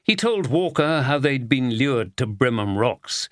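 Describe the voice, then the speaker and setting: Close-miked in a dry studio with no echo, a man reads a mystery audiobook at a measured pace. His medium-pitched narration is steady and even, with barely any pauses.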